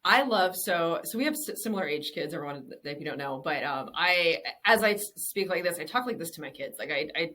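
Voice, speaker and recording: A woman's voice: lowish voice, lively intonation, fairly quick, few pauses, sharp tone, slight background noise. A woman in her thirties, a business owner and interview guest, chatting casually and candidly, swearing freely and laughing often.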